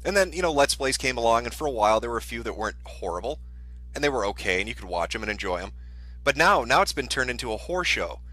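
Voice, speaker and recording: A man's voice: mid-range voice, expressive, quick pace, sharp tone. A man ranting in profane, sarcastic commentary, mocking a streamer as he reads his posts aloud.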